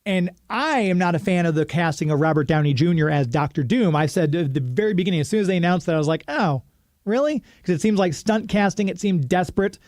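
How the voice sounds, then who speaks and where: A man's voice: high voice, fast, few pauses, a little mellow, no room sound, studio quality. A man co-hosting a podcast, talking about movies in an easygoing way, thinking aloud with lots of fillers. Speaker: podcast co-host. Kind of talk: casual movie review chat.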